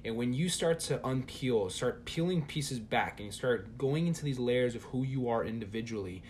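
A man's voice: medium pitch, expressive, normal speed, darkish tone, a little hiss or hum. A man co-hosting a podcast, talking earnestly and encouragingly in casual chat. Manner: earnest and encouraging, repeating words. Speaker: podcast co-host.

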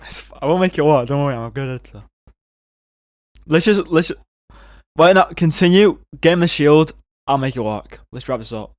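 A man's voice: fairly high pitch, expressive, a little fast, no room sound, clean studio sound. A man, co-host and editor, rambling in casual improv banter. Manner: rambling, breaks character to comment.

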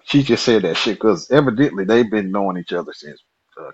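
A man guest telling a personal story in a lively, colloquial way. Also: sits low, a little fast, husky, poor audio.

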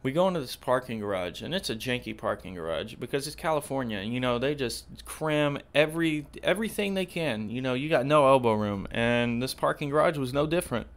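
A man's voice: mid-range voice, expressive, brisk, hardly any pauses. A man hosting a podcast, telling a profane, exasperated story in a casual rant. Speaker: podcast host. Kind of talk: casual ranting monologue.

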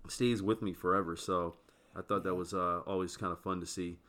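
A man with a very low voice chats as a guest on a podcast. His talk is easygoing and meandering, stuffed with fillers as he works his way to each point. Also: steady tone, a little fast, a bit bright. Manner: loose and rambling, with many fillers. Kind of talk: casual chat.

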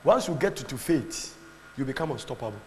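A man preaching a fervent sermon, swinging between shouts and low asides. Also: expressive, a little fast. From Ghana. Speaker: pastor. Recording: long hall reverb, faint background noise.

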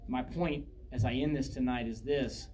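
A man's voice: mid-range voice, fairly even intonation, normal speed, a little mellow, slight background noise. A man preaching a sermon, reading scripture aloud and driving points home by repeating phrases. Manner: emphatic, repeats phrases for stress.

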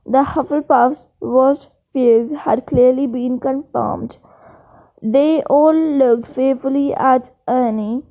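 A woman reading a novel aloud in plain, steady narration with occasional slips. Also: sits high, takes it slowly. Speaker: reader. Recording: tinny phone-like sound.

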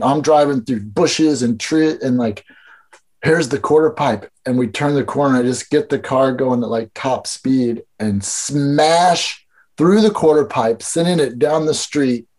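Man, casual storytelling chat, loose, rambling, swears a lot, middle pitch. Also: darkish tone. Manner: loose, swearing, many fillers. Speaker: guest.

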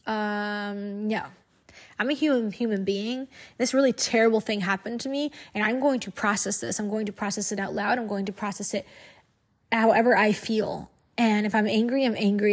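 A woman who makes online videos, speaking frankly and emphatically to camera and repeating phrases for force. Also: medium pitch. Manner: frank and outspoken. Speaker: social media creator. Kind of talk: candid to-camera monologue.

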